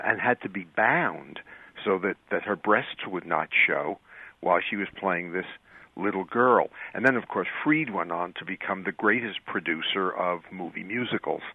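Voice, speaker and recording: An older man talks as a guest on a radio interview, wry and a bit of a curmudgeon, spinning anecdotes. His voice sits a little low. It comes through a dry, tinny phone-like line. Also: husky, no room sound. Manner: wry self-described curmudgeon.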